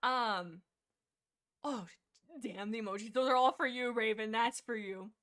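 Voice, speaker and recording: A woman hosting a livestream, chatting casually in a rambling, excitable way with lots of restarts. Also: fairly high pitch, measured pace. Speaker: livestream host.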